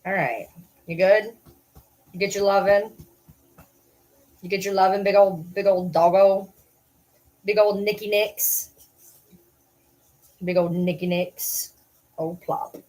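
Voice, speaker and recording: A woman sits at home talking on a livestream in a middle-pitched voice. She croons sing-song baby talk at her dogs and breaks into laughter easily. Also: fairly even intonation, slow pace, long pauses, darkish tone. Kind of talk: casual livestream chat.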